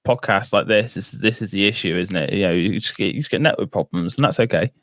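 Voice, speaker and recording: A man's voice: on the low side, fast talker, no echo. A man hosting a podcast in casual chat, chatty and fond of tag questions. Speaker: podcast host.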